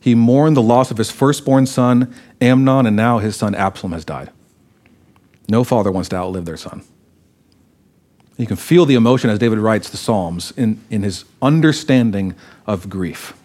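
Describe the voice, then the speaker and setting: A man's voice: on the low side, normal speed, a little mellow. A man, a pastor, preaching a sermon and reading scripture aloud expressively, acting out the quoted lines.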